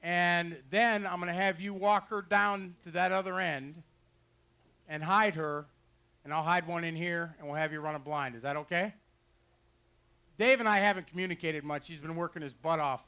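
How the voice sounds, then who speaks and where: A man's voice: a little high, steady tone, normal speed, pushed and bright, clean tone. A man giving joking, folksy commentary as he demonstrates retriever dogs outdoors on a fairground mic. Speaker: dog trainer and show host. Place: outdoor fair pond with dock. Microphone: handheld or headset mic.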